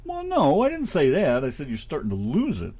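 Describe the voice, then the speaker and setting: Middle-aged Ohio man, radio co-host; husky, swings his pitch a lot, rambling and profane. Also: huge pitch swings, brisk, dark tone. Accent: American Midwest. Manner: rambling, swears casually. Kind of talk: casual radio chat.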